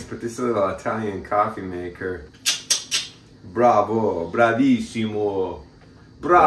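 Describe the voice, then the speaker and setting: A man with a very low voice walks viewers through a kitchen demonstration in a relaxed, chatty tone. The room gives his voice a roomy echo, and a faint hum sits underneath. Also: far from the mic. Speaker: host of a how-to channel. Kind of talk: casual how-to demonstration. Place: kitchen indoors.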